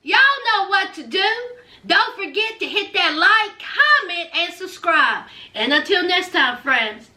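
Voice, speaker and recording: A woman's voice: extremely high pitch, lively intonation, unhurried, bright, forceful tone, roomy sound. A woman giving a sassy, chatty recap of a reality show, laughing often and calling her viewers honey and y'all.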